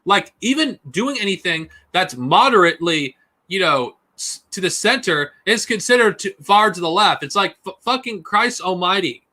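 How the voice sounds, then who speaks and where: A man's voice: sits high, lively intonation, moderate pace, pushed and bright. A man ranting angrily and profanely on a live stream. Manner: angry profane ranting, mocking put-on whines.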